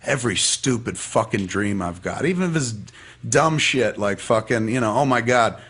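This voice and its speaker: A man's voice: fairly low pitch, normal speed, a bit bright, slightly rough. A man casually telling a personal story as a podcast guest, profane and rambling but heartfelt.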